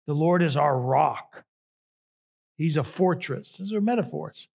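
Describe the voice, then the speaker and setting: A man's voice: on the high side, lively intonation, unhurried, creaky, a little mellow, husky. A man preaching a sermon as a pastor, conversational and emphatic, drawing out key phrases.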